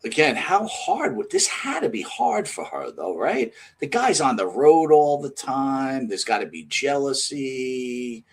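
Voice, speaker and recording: A man's voice: mid-range voice, very animated, a little slow, hardly any pauses, slight background noise. A man co-hosting a wrestling podcast, asking enthusiastic, rambling questions. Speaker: podcast co-host. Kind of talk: casual podcast interviewing.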